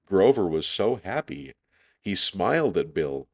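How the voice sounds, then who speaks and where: Man, storyteller, children's book read-aloud, low voice, slow calm delivery. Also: gravelly.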